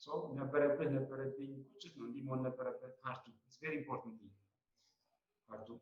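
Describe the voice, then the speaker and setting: Male lecturer, mid-pitched, repetitive classroom delivery, dull echoey recording. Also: fairly even intonation, rapid-fire. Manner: repeats points and checks with "right?". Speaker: college English lecturer.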